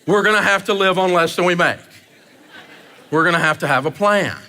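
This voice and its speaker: A man giving a live seminar talk on personal finance in an energetic, joking, animated way. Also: sits high, brisk.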